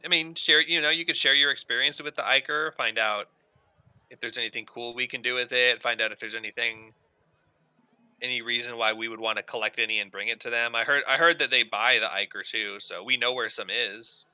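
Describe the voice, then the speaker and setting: Sharp-voiced rambling male player. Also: medium pitch, fairly even intonation, fairly quick, clear, resonant tone, no room sound. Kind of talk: casual game chat.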